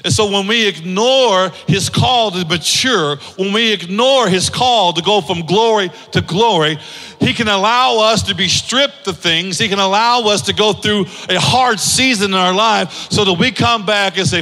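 A man's voice: high-pitched, normal speed, bright, forceful tone. Man, pastor, sermon, rhetorical questions, sing-song emphasis, long reverberant hall.

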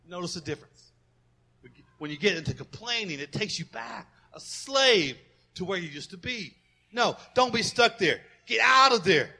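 A man preaching a fervent sermon as pastor of a church, leading the congregation in loud call-and-response, then dropping to soft, close asides. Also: high-pitched, expressive, moderate pace, creaky.

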